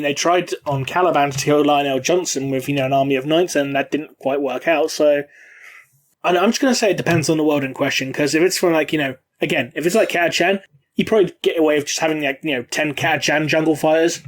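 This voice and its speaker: A man's voice: fairly high pitch, fast talker. A man chatting casually as a podcast host, rambling with lots of fillers and swearing freely.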